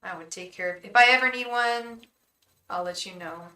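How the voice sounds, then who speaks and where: A woman reading tarot live for her viewers, her voice bright and clear at a middle pitch. She rambles easily, talks to viewers by name and drops casual slang like "girl" and "hun". While she shuffles she keeps murmuring the same invocation over and over. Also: normal speed, poor audio. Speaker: tarot reader and psychic on a live stream. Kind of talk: casual live-stream chat and card reading.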